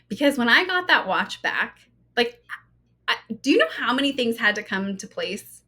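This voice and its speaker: A woman in her thirties hosting a podcast, telling a personal story in a casual, animated way, full of "like" and "you know" asides. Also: a little high, moderate pace. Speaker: podcast host.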